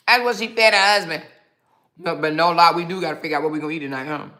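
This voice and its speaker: Sassy, bright-voiced woman livestreamer. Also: deep voice. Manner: sassy, mocking, talks straight to viewers. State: snacking while talking. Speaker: livestream host. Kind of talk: casual livestream chat, reading viewer comments.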